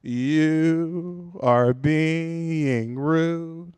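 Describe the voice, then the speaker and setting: A comedian voicing a woman claims agent who talks very slowly and haltingly after a stroke. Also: low voice, darkish tone, clear, resonant tone, no echo. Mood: flat. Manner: very slow, halting drawl.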